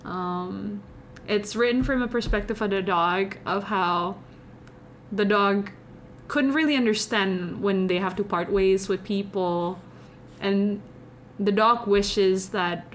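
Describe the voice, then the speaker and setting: Young woman streamer, Indonesian accent, mid-pitched, rambling and confiding with her viewers, faint room hum behind. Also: slow pace. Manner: meandering, confiding, chatty with viewers. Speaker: livestreamer. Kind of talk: casual live-stream chat.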